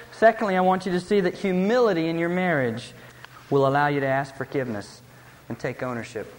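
Pastor guy in his 30s preaching, kinda high voice, long echo in a big hall, faint room hum. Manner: earnest, self-deprecating storytelling. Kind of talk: sermon.

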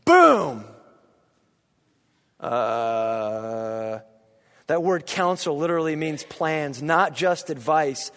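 Pastor, male, thirties, high voice, unhurried delivery with shouted peaks, long hall echo. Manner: animated preacher, bursts into shouts. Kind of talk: sermon.

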